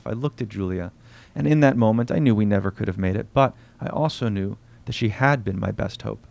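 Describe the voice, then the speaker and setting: Guy reading from his novel, slow and quiet, lowish voice with lots of fry. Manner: quiet, unhurried reading with soft-spoken dialogue. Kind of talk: literary reading at a bookstore.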